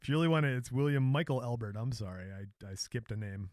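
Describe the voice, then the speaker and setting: A man's voice: medium pitch, animated, fast talker, darkish tone, dry recording, studio quality. A man from Michigan co-hosting a podcast, telling a story in a casual, joking way. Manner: joking, storytelling, laughs often. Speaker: podcast co-host.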